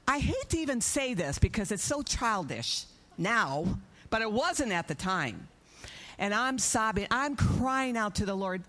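A middle-aged woman giving an animated testimony in a church service, acting out her own prayers and conversations. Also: a little high, moderate pace.

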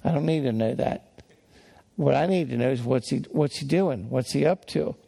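A man's voice: mid-range voice, moderate pace, vocal fry, dark tone. An older man preaching in a folksy storytelling way, with many restarts and fillers. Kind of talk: sermon-style teaching.

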